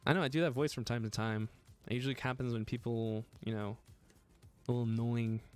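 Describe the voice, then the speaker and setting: A man's voice: mid-range voice, steady tone, fairly quick, darkish tone, smooth. A man hosting a casual live stream, joking and laughing as he gets flustered over his own slip. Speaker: livestream host building a PC.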